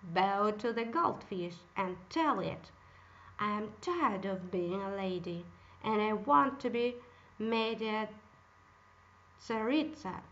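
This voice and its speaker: A woman's voice: expressive, takes it slowly, fairly bright tone, dull audio. A woman voicing a greedy, scolding old peasant wife who raises her voice in anger. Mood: demanding. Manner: shrill scolding.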